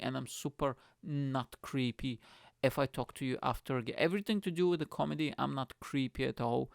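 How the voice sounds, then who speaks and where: A male comedian hosting his solo podcast, telling stories in a hyper, swearing, fast-running rant on a close mic. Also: medium pitch, vocal fry, no room sound.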